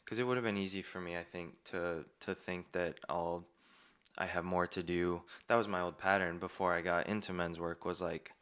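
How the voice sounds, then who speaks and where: A man's voice: deep voice, fairly even intonation, moderate pace, fairly bright tone, clear, resonant tone. A man who facilitates men's groups, speaking as a podcast guest in a thoughtful, hesitant way as he searches for his words. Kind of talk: reflective conversation.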